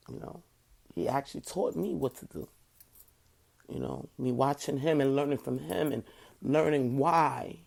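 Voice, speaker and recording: A woman's voice: low-pitched, gravelly, a little mellow. A woman, talking earnestly to her viewers and saying "you know" over and over. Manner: emphatic, repeats "you know" often. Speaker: online show host. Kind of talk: casual heartfelt talk to viewers.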